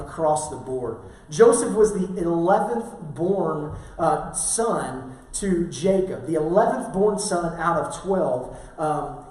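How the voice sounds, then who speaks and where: A man's voice: a little high, a little mellow. A male pastor preaching a sermon, telling stories casually with many fillers. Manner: casual storytelling with frequent fillers. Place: church sanctuary. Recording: very echoey church hall from far off.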